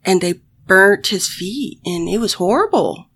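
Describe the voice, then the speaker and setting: A woman vlogger telling a personal story to her audience, halting with many fillers and restarts, swearing often and sighing. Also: medium pitch, expressive, fairly bright tone, breathy edge. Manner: emotional, sighing.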